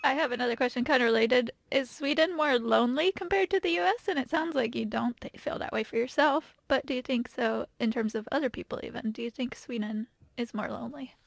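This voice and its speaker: A woman's voice: a little high, brisk, creaky, hardly any pauses, no echo. A woman hosting a casual chat, telling stories in a chatty way and asking her guest questions. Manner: chatty storyteller, acts out quotes.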